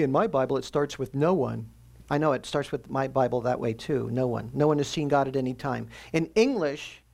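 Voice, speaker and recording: Gravelly-voiced male pastor preaching. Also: medium pitch. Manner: earnest teaching with slow emphatic stresses. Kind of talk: sermon.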